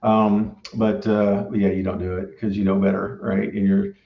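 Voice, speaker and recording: Man, low voice, casual rambling advice talk, roomy echo, dull lo-fi sound. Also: level tone, moderate pace, vocal fry. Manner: rambling, filler-heavy, keeps asking "right?". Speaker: restaurant owner and pitmaster.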